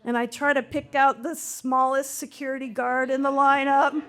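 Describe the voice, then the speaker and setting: A middle-aged woman telling a personal story on stage, in a wry, animated, self-mocking way. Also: high-pitched, moderate pace.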